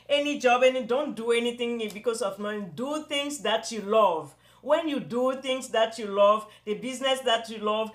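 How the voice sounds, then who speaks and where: A woman hosting a casual spiritual talk, enthusiastic and full of fillers and restarts. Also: a little high. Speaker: host.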